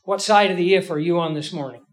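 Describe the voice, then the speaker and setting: A man preaching a sermon with a high-pitched voice. He talks in a folksy, emphatic way and slows down to land his key lines.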